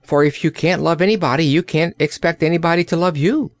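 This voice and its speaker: Man reading as a little storybook girl, high-pitched, earnest and outspoken. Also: fairly quick, dry recording, natural voice. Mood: blunt. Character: frank, plucky little girl.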